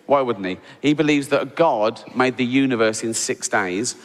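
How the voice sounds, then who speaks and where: An English man doing stand-up comedy, sardonic and mocking, breaking into high, incredulous outbursts. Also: moderate pace. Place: large theatre stage. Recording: big hall reverb with audience laughter.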